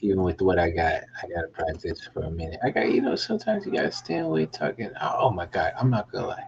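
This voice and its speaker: A man's voice: low voice, animated, fast talker, creaky, darkish tone, lo-fi sound. A middle-aged man, a guitar maker, rambling casually and profanely to himself in a behind-the-scenes vlog.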